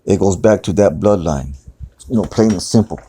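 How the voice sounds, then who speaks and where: Deep, mellow-voiced man preaching casually. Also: normal speed, a little hiss or hum. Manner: casual, repeats words, often says "man". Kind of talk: informal scripture teaching. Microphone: phone screen recording.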